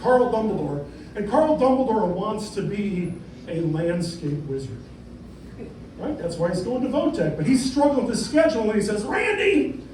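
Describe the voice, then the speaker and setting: A middle-aged stand-up comedian rambles through his set, checking in with the crowd. His voice sits high. It is captured from afar in a very echoey, noisy club. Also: sing-song, normal speed, mellow. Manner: rambling, conversational, keeps asking "right?". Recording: echoey room, distant mic, noisy.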